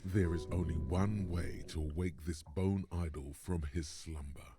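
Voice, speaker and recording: Very deep wry game narrator. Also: male voice, fairly even intonation, background noise. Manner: wry, grandiose, measured.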